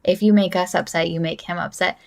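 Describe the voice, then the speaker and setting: A woman's voice: lowish voice, a little fast, gravelly. Chatty woman co-hosting a podcast. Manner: relaxed, chatty, laughs along. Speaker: podcast co-host. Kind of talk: casual movie chat.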